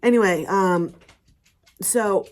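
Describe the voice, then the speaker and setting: A woman's voice: medium pitch, slow. A middle-aged woman chatting casually to camera as a vlogger, rambling with fillers and laughing often.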